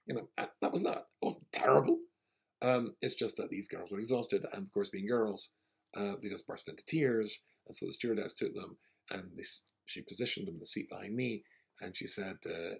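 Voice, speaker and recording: A man's voice: on the low side, brisk, gravelly, slightly rough. A male rabbi telling a personal anecdote in a wry, self-deprecating way. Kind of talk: storytelling talk.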